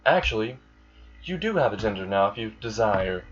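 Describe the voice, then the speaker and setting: A man voicing a female magical assistant voice that speaks flatly and matter-of-factly. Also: fairly low pitch, moderate pace, husky, dull audio.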